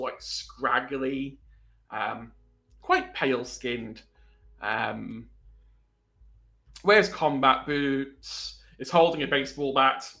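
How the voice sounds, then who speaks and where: A man narrating a tabletop role-playing game as game master, hesitant and full of pauses. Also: medium pitch, gravelly, bright, forceful tone, roomy sound, poor audio. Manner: hesitant, many ums, puts on quick voices for characters.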